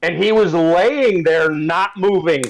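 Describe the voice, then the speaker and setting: A young man from Wisconsin telling a story about a street fight to friends, in a measured, deliberate way. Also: sits high, creaky, rough recording. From Madison, Wisconsin. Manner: measured, deliberate build-up with hesitations. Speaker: tabletop game player. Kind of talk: casual storytelling among friends.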